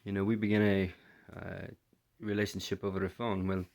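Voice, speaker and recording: Guy from london telling his story, lots of um and you know, low and flat. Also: brisk, creaky. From London, England. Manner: hesitant, heavy with fillers and restarts. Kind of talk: first-person storytelling monologue.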